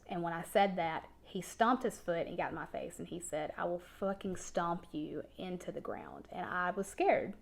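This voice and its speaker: A woman telling a personal story as a podcast guest, often halting and repeating words as she goes. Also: lowish voice.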